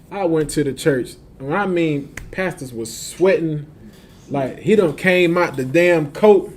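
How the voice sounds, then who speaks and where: A man with a fairly high voice tells a story in loose street slang, laughing as he goes. A faint hiss sits under his voice. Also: moderate pace, darkish tone. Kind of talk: casual storytelling.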